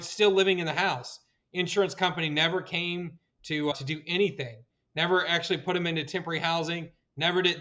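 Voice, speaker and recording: A man's voice: fairly high pitch, sharp tone. A man hosting a casual podcast chat who sounds earnest and agreeable and often chimes in while his guest talks. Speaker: podcast host. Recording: dull lo-fi audio.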